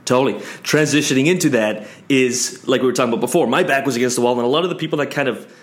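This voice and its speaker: A man talks quickly as the host of an interview, stringing long questions together and thinking aloud as he goes. His pitch sits in the middle range. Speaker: podcast host, business coach. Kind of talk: casual conversational interview.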